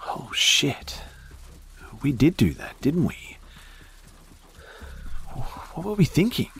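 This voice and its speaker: A man's voice: on the high side, very animated, slow, gravelly, a bit bright, husky, in a whisper, voice pushed up, full character voice. A man doing a stammering, shaken young man. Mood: dazed. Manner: hesitant, stammering.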